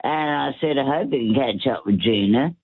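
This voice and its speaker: A man's voice: mid-range voice, animated, normal speed, breathy edge, no echo. Australian man, caller, rambling chatty talk, tinny phone line. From Western Australia. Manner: chatty, rambling, loses his words. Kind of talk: casual phone chat.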